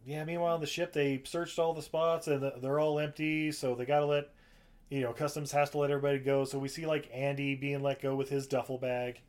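A man's voice: medium pitch, flat delivery, fairly quick, darkish tone. A man casually recapping a film on a podcast, rambling and swearing, often acting out the characters' lines. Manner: rambling, profane, acts out quotes. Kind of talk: casual chat.

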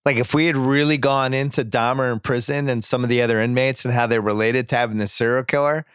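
A man of middle pitch recaps a TV show in relaxed, lively chat. He leans into the story and slips into brief impressions of the characters. His voice sits close and dry, with no room around it. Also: clean tone, no echo. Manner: animated retelling, acts out scenes in quick voices. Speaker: podcast host.

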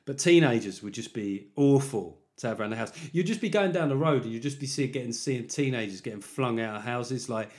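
A man's voice: mid-range voice, lively intonation, fairly quick, few pauses, a little mellow. A man hosting a podcast, chatty and self-mocking, delivering a comedic monologue.

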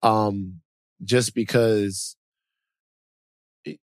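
Laid-back co-host, middle pitch, dry sound. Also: fairly even intonation, extremely slow, no echo. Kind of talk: casual discussion.

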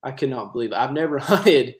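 A man's voice: mid-range voice, expressive, fast talker. A man, a guest chatting easily about hunting trips. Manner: easygoing, agreeable, chuckles often. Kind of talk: casual hunting chat.

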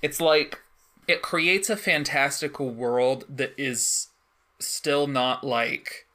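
A woman in casual conversation, animated and laughing often as she acts out quotes. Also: very deep voice, slow. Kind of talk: casual chat.

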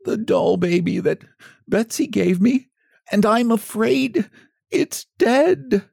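A timid, teary scarecrow speaks in a high, slow, pleading voice, as a man reading the story puts him on. He sounds anxious to be useful, and his voice rises and falls a lot. The sound is close and dry. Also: very animated, dry recording. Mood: sobbing. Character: sobbing timid male scarecrow, eager to be useful.

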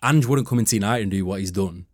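A man's voice: fairly low pitch, fast talker, darkish tone, no room sound, clean studio sound. A man arguing football opinions emphatically in a casual panel chat.

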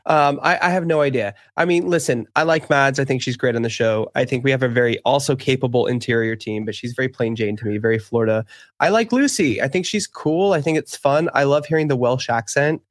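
A man's voice: mid-range voice, brisk, no room sound. Chatty man co-hosting, dry sound. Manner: animated, hesitant restarts, opinionated. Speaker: podcast co-host. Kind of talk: casual chat.

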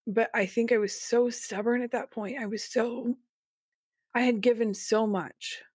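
A woman's voice: fairly high pitch, steady tone, a little slow, darkish tone, husky, dry recording, clean studio sound. A woman speaking as a guest on an interview podcast, recounting her experiences in a frank, conversational way. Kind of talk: interview storytelling.

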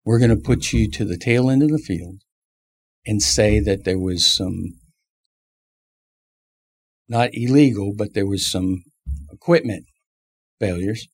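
A man's voice: lowish voice, breathy edge. A middle-aged man, a former racing team manager, telling stories in an interview and acting out the voices of people he quotes. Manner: acts out quotes with lively voice shifts. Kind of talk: animated storytelling interview.

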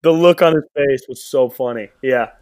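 A man's voice: mid-range voice, moderate pace, a little mellow. A young man co-hosting a casual podcast, telling stories animatedly and laughing often. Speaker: podcast co-host. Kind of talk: casual rewatch podcast chat.

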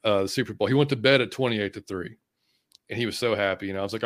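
Fast-talking male sports podcast host. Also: lowish voice, steady tone, no echo, studio quality. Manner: quick, chatty, greets chatters one by one. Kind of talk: casual sports talk, reading live chat.

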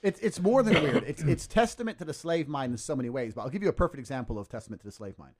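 A man talking as a podcast guest, ranting forcefully and with lots of profanity. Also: medium pitch, expressive, very fast. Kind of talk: casual podcast conversation.

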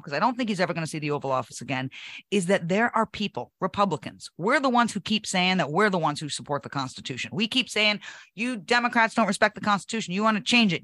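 A woman's voice: mid-range voice, a bit bright, dry recording. Emphatic, indignant woman co-host. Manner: indignant, emphatic, laughs often. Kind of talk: political talk show chat.

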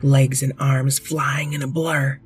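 A man narrating a children's story in a slow, playful storytelling manner. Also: medium pitch, flat delivery.

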